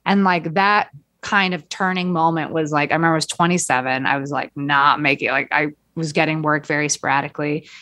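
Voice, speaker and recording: A woman's voice: deep voice, fairly even intonation, a little fast, sharp tone, dry recording. A woman comedian in her thirties, chatting casually in a rambling, self-deprecating way and swearing freely. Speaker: comedian, guest. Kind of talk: casual chat.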